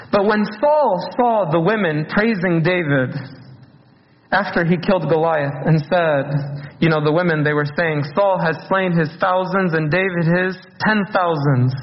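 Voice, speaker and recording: A high-voiced man delivers a sermon, talking plainly and putting questions to the congregation. The sound is dull and muffled, and his voice rings in a long-echoing church hall. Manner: conversational preaching with questions to the congregation. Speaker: priest. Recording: dull, echoey church recording.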